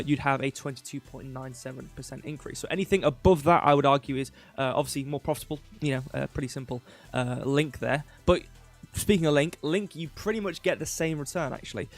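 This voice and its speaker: A young man hosting a casual crypto livestream, rambling with lots of fillers and offhand jokes. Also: medium pitch. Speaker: crypto news host.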